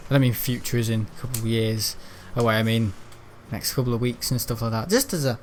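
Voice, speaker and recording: A man's voice: mid-range voice, quick pace, slight background noise. A teenage boy with a Merseyside accent, chatting casually on a stream, hesitant with lots of ums and restarts. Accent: Merseyside English. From the Wirral, England. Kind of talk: rambling casual chat.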